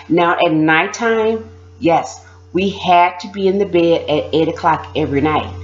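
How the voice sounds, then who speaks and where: Low-pitched woman, casual animated storyteller, dull lo-fi sound. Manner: animated, mimics voices, laughs while telling. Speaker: former prisoner sharing experiences.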